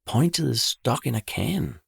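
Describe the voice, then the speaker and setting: A man's voice: medium pitch, lively intonation, unhurried, creaky, breathy edge, pitched above the performer's own voice, exaggerated voice. A man voicing an anxious young male squirrel in a storybook, speaking with urgency. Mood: urgent. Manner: urgent, pleading.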